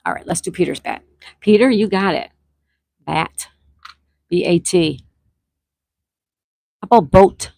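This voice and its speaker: On a casual live stream, this host chats with her viewers, reads out their comments and spells game letters. Her voice is fairly low, dark and creaky, a little slow, with frequent pauses and no echo.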